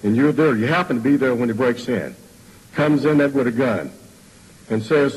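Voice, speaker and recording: A man's voice: medium pitch, expressive, normal speed, slightly rough, low-quality recording. A man who is a school superintendent testifying to a state board, making his point with a folksy analogy.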